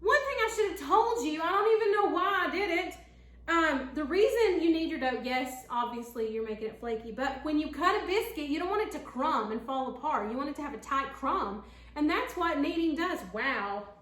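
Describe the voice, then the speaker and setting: A woman's voice: high-pitched, expressive, normal speed, fairly bright tone, echoey room. A woman with a Southern American accent, chatting folksily to viewers in a casual cooking vlog from her home kitchen. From Tennessee. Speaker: home cook.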